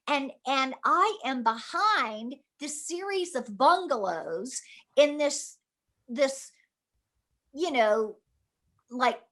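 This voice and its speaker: Middle-aged actress guest, high and bright, lively anecdotal delivery. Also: female voice, drawn-out words, long pauses. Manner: animated storyteller acting out her past self. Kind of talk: storytelling interview.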